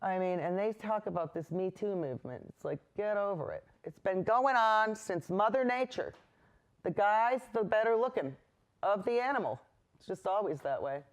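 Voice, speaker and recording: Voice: mid-range voice, animated, moderate pace. A painting instructor hosting a chatty on-camera lesson indoors, reassuring viewers and drifting into rambling personal asides between steps.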